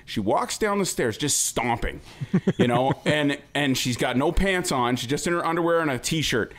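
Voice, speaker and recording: A man's voice: a little high, expressive, normal speed, fairly bright tone. A middle-aged man hosting a podcast, telling funny stories about his kids in casual chat, swearing freely and laughing often. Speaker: podcast host.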